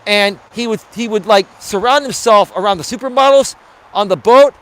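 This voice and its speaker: A man's voice: high-pitched, moderate pace, a bit bright. A man life coach talking bluntly to his live chat while walking outdoors around a building, streaming from his phone. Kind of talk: casual live-stream monologue.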